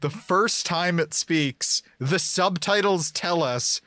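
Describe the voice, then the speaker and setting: A man's voice: high voice, sharp tone, no room sound. Man joking in a dry, close recording. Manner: joking, laughing, quick asides. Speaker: podcast co-host. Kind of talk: casual chat.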